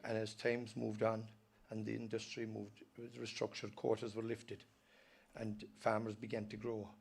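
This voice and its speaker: An Irish dairy farmer giving an earnest, halting personal talk at a live event, often stopping to restart his sentences. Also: fairly low pitch, completely flat delivery, creaky, darkish tone, slightly rough. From Ireland. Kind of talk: personal storytelling speech.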